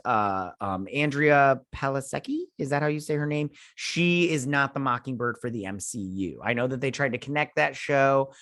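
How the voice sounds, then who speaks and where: Reviewing an episode, this male host talks through the plot in a loose, rambling way, full of fillers and restarts. His medium-pitched voice sounds bright and forceful, with clean studio sound and no echo.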